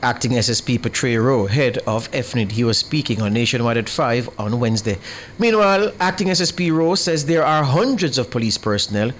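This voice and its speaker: A man reading scripted radio news in a crisp, even delivery. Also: mid-range voice, brisk, a little hiss or hum. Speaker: radio newsreader.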